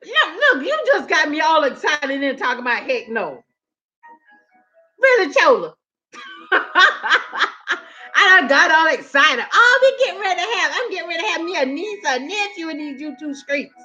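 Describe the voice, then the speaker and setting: A sassy woman vlogger laughs a lot while chatting casually with her live-stream audience, addressing them as "honey" and "girl." She speaks in a high voice at a moderate pace into a phone camera, with dull audio and faint background music.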